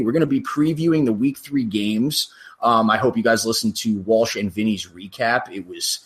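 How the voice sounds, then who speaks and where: A man's voice: medium pitch, normal speed, a bit bright. A man co-hosting a sports podcast in loose, joking chat, swearing now and then. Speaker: podcast co-host.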